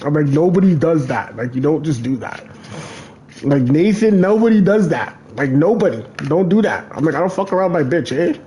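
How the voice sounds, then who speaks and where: Streamer man, slightly high voice, rambling and profane storyteller, faint hum behind. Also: lively intonation, moderate pace, dark tone. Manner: rambling storytelling, heavy swearing, repeats himself. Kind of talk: casual chat over a game.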